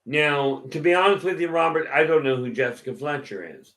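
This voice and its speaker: Bright-voiced man rambling through a story. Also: fairly high pitch, brisk. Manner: rambling storyteller with many restarts. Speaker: host answering viewer questions. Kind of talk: casual live Q&A talk.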